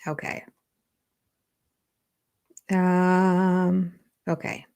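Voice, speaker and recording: An older woman hosting a casual live stream from home. She chats and thinks aloud as she reads viewer comments, and often drops into soft half-whispered asides. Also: fairly low pitch, monotone, extremely slow, gravelly, smooth. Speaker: reality TV livestream host.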